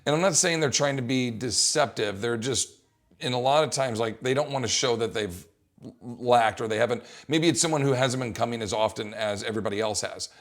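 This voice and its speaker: Gravelly casual fitness coach, a man. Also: mid-range voice, fairly quick. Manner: casual, animated, acts out coaching calls. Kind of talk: instructional talk.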